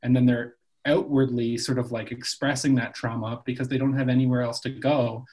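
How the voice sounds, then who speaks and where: Man from Canada, relaxed podcast guest; loose, profane, filler-heavy delivery. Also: mid-range voice, fairly quick, low-quality recording. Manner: loose, swears freely, lots of "like" and "sort of". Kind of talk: casual podcast chat.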